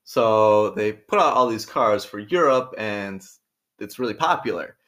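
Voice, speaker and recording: A man's voice: on the low side, animated, unhurried, fairly bright tone. A man co-hosting a casual podcast, laid-back, asking questions and tossing in slang. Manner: laid-back, asks questions, uses slang like bro and dude. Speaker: podcast co-host. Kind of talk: casual chat.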